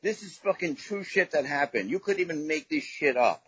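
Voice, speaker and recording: A middle-aged man with a husky, slightly rough voice tells rambling stories full of swearing, like a guest comedian chatting freely on a podcast. The recording sounds dull and a little lo-fi. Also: fairly high pitch, animated, normal speed, fairly bright tone, no room sound. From Staten Island, New York. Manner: profane, rambling anecdotes. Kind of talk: casual podcast storytelling.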